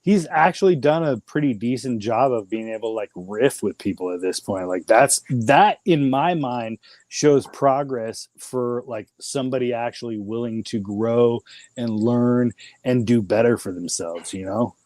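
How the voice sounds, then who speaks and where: A man's voice: medium pitch, measured pace, a little mellow, no echo. A man co-hosting a stream, chatting casually in an easygoing, rambling way. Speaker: stream co-host.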